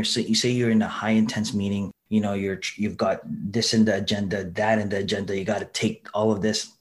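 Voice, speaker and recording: A man telling stories in casual conversation as a guest, animated and humorous, acting out what people said, with frequent restarts. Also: fairly low pitch. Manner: animated, acts out quoted dialogue with humor. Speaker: guest, college instructor.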